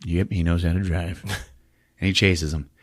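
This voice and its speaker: A man's voice: deep voice, level tone, normal speed, dry recording, studio quality. A man hosting a podcast, recapping a movie in a profane, comedic storytelling manner, laughing often. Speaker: podcast host. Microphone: podcast mic.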